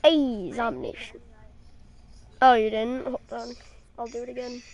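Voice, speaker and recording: A woman's voice: a little high, fairly even intonation, a little slow, darkish tone, slight background noise. A woman doing casual gaming commentary, playfully trash-talking and exclaiming at the screen. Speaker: gamer streaming a baseball game.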